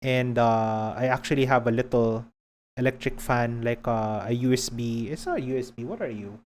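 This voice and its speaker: A man's voice: mid-range voice, moderate pace, a little mellow, slight background noise. A man with a Filipino accent chatting casually while streaming a game, rambling and laughing often.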